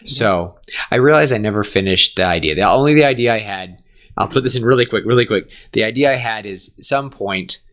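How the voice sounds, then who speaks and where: A man co-hosting a podcast in casual comedic chat, animated and rambling. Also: lowish voice, fairly quick. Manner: animated, rambling, laughs often. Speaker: podcast co-host.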